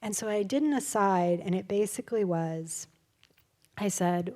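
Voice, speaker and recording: A woman, an author guest at a live event, telling stories in a casual, animated way with many fillers. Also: mid-range voice, slow pace, pauses often. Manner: animated, chatty, full of fillers and laughs. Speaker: author guest at a public talk. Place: live event before an audience.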